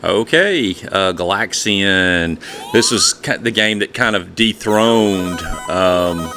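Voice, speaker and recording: A man's voice: low voice, expressive, slow, sharp tone. Chatty man with a twang. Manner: rambling, chatty, folksy storytelling. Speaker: retro gaming channel host. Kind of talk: nostalgic casual monologue.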